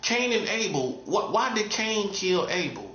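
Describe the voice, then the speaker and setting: A man's voice: high voice, sing-song, unhurried, pushed and bright, roomy sound, highs cut off, slight background noise. A man preaching in a casual, street-talking way, repeating himself and laughing at his own jokes. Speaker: prophet. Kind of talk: informal preaching monologue.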